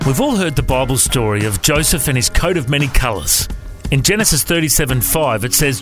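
A man's voice: mid-range voice, lively intonation, a little fast, fairly bright tone, soft background music. Earnest man reading a devotional. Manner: earnest, preacherly. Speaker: devotional speaker. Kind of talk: scripted devotional narration.

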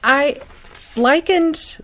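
A woman's voice: high voice, very slow. A woman guest speaking candidly and earnestly in an interview, a mother of a child with special needs. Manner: earnest, heartfelt, lively retelling.

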